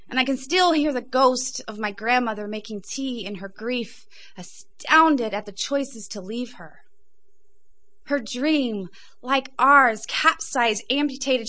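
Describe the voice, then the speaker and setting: A middle-aged woman from England performing spoken word poetry, rhythmic and intense, chatting casually between poems. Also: a little high. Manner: rhythmic, intense delivery rising to loud emphatic peaks. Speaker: performance poet.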